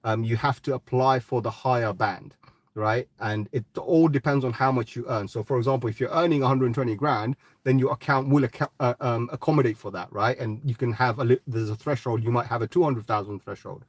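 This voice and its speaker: A man's voice: mid-range voice, brisk, no echo. Blunt ranting man. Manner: blunt, swearing, frustrated, repeats "right?". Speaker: crypto podcast host. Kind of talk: ranting live stream.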